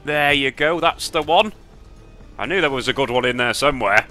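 A man's voice: medium pitch, normal speed, sharp tone, faint music behind. A man with a British accent giving sweary, sarcastic commentary on his own slot spins, muttering to himself between outbursts. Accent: British English. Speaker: slot streamer. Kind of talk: casual live slot commentary.

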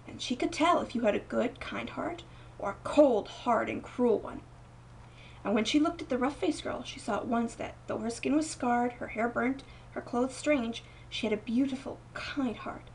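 A young woman reading a picture book aloud at home, gentle and expressive, softening her voice for quieter moments. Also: fairly high pitch, normal speed, vocal fry, distant mic, slight background noise, rough recording. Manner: gentle, expressive read-aloud with soft dips for quoted lines. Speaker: storybook reader.

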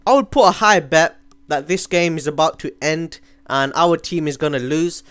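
Young guy ranting over a game, high bright voice, going a bit hoarse, yells out of nowhere. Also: no room sound. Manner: excitable, ranting, sudden outbursts. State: losing his voice. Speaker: gaming commentator. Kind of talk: live gameplay commentary.

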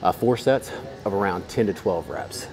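A man's voice: sits low, moderate pace. A young man talking through his arm workout in a gym, casual and full of fillers, a bit out of breath between sets. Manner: explaining exercises while training, filler-heavy and relaxed. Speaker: fitness vlogger.

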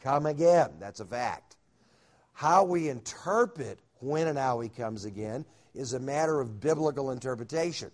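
A male speaker at a Bible conference gives sermon-style teaching in a hotel conference room, using an expressive mid-range voice at normal speed. His folksy delivery is packed with "uh" fillers and humorous asides.

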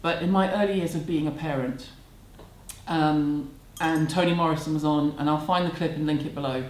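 A woman's voice: low-pitched, fairly even intonation, normal speed, darkish tone. A woman, answering viewer questions at home in a candid, chatty, self-deprecating way. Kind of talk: casual chat. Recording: echoey room, faint background hum.

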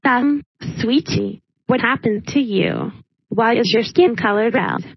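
A woman's voice: fairly high pitch, measured pace, vocal fry, slightly rough, no room sound, full character voice. A synthetic woman's voice as a caring cartoon girlfriend. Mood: gentle. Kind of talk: text-to-speech cartoon dialogue. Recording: dull lo-fi audio with faint music.

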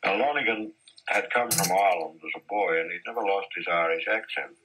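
A man telling measured stories about his years as a mine boss in an archive interview. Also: low-pitched, sharp tone, slight background noise, rough recording. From Australia. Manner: measured, anecdotal, with occasional restarts. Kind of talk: reminiscing storytelling in an interview.

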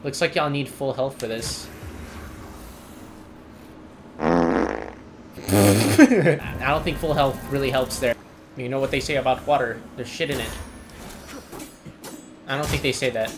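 A man's voice: mid-range voice, normal speed, long pauses, noisy background. A young man giving sarcastic, swearing commentary while playing a video game. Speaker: gameplay streamer. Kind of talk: gameplay commentary.

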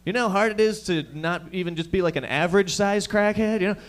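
A young man from the Toronto area hosting a stand-up set, firing off profane jokes at the crowd. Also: high voice. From Toronto area, Canada. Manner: profane, rapid-fire joking to the crowd. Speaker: stand-up comedian and host. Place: comedy lounge stage.

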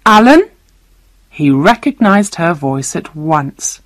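Woman narrator, low voice, very slow, clear reading, dry close sound. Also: no echo, poor audio. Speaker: storyteller. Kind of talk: scripted narration of a graded reader.

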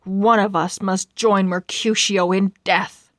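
A woman's voice: medium pitch, takes it slowly, no room sound, clean studio sound. A woman voicing an earnest, lovestruck young man in a storybook read-aloud, with a pleading delivery.

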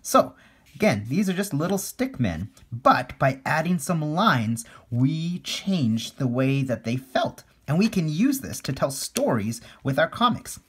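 A man's voice: on the high side, measured pace, hardly any pauses, a little hiss or hum. Playful man teaching kids to draw. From Canada. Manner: animated, with gasps and sound effects. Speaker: children's drawing coach. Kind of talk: playful kids' drawing lesson. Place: indoors at an art desk.

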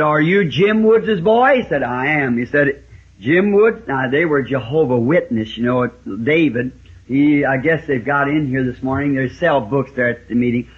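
A man from the States, preaching and telling a folksy hunting story, with sudden high exclamations. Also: slightly rough. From Southern United States. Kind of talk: storytelling sermon. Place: church meeting with a congregation. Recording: lo-fi 1960s live sermon tape.

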